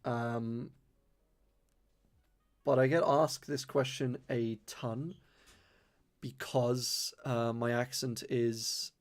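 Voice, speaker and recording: A man's voice: medium pitch, steady tone, very slow, long pauses. A young man from London whose accent blends London speech with a slight Irish twang, chatting casually on a live-stream Q&A and rambling with many fillers. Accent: London mixed with slight Irish twang. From London, England. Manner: careful enunciation. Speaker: streamer answering viewer questions.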